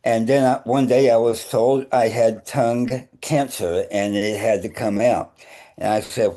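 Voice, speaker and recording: A man's voice: medium pitch, moderate pace. Older man with a slight speech impediment. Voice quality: slight speech impediment after tongue surgery. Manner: wry storyteller, deadpan humor. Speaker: minister and guest.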